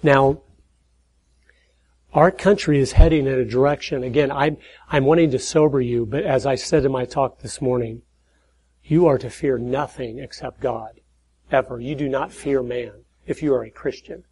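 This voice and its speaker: Middle-aged male speaker, husky and dark-toned, earnest preaching talk that rises to emphatic points and drops low. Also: fairly even intonation, normal speed, rough recording. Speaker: speaker at church and conservative conferences.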